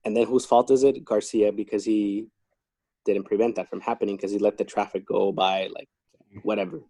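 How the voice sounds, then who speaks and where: Mellow husky man telling work stories. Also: on the low side, fairly quick, dry recording. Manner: relaxed, chatty, talks through work stories. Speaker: corrections officer. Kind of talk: casual interview storytelling.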